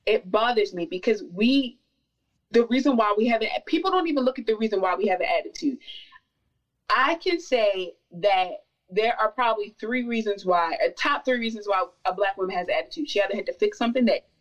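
A woman's voice: medium pitch, fairly quick, far from the mic, muffled recording. A woman speaking as a podcast guest, talking passionately and emphatically, repeating words for stress. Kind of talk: casual podcast conversation.

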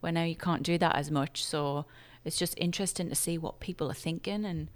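A woman from England chatting casually as an interview guest, chatty and quick to laugh. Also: sits low, fairly even intonation.

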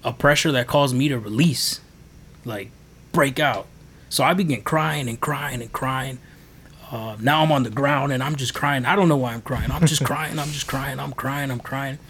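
A man's voice: mid-range voice, normal speed, fairly bright tone, husky. A man on a podcast telling his faith testimony in a casual, earnest, rambling way. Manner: earnest, rambling storytelling with many fillers. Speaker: podcast guest.

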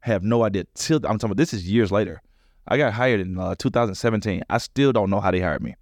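A man's voice: on the low side, quick pace, no echo, clean studio sound. A man, a comedian, telling stories in a casual interview, acting out the voices of people in them. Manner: animated storyteller, acts out other people's lines. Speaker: comedian guest.

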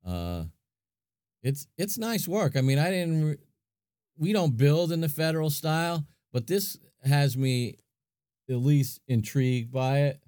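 A man's voice: a little high, lively intonation, unhurried, dark tone, no room sound, clean studio sound. A man co-hosting a podcast, chatting casually and thinking aloud with plenty of fillers. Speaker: podcast co-host. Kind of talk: casual chat.

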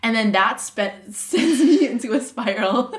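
A woman's voice: a little high, animated, a little slow, roomy sound. A young woman co-hosting a casual podcast, telling stories animatedly, acting out quotes and laughing often. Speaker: podcast co-host. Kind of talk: casual chat.

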